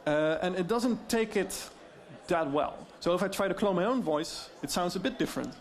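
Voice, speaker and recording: Higher-pitched Dutch man presenting at a conference. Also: moderate pace. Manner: explanatory, lively, filler-heavy. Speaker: speaker on AI deepfakes. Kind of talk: conference talk.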